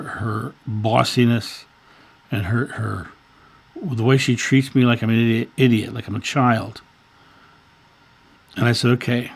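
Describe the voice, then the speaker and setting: A man in his fifties, a channel host, earnestly telling a story in a casual monologue and often repeating words. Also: medium pitch. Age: 50s.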